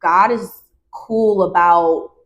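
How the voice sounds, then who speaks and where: Animated woman podcasting off the cuff. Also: lowish voice, very slow, highs cut off. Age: 30s. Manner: animated, laughing, slangy, off-the-cuff. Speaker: podcast host. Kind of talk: casual solo podcast monologue.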